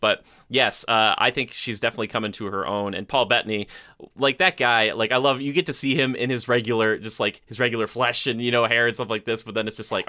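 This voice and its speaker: Fast-talking, bright-voiced man hosting a podcast. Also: medium pitch, smooth. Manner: animated, acts out quotes in put-on voices. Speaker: podcast host. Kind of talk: casual chat. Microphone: remote call mic.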